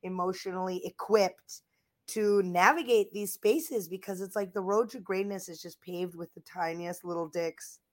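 Her lively podcast stories feature impressions of everyone she quotes, as this comedian guest in her thirties chats casually. She has a voice on the low side and talks at a normal speed.

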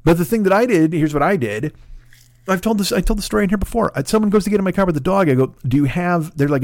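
A man's voice: high voice, fast, no echo, clean studio sound. A middle-aged man hosting a podcast, telling profane, ranting stories in a solo comedic monologue. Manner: profane, ranting, animated storytelling. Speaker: podcast host.

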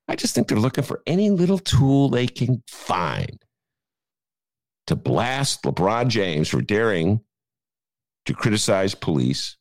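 A man's voice: on the low side, dry recording, studio quality. A male podcast co-host giving sarcastic, opinionated political commentary. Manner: animated and sarcastic, mocking asides.

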